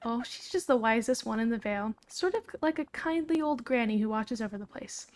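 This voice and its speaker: A woman's voice: on the high side, expressive, brisk, darkish tone, close to an everyday voice. A woman reading a brave young princess's game dialogue aloud in her own plain voice, without putting on an accent. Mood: earnest.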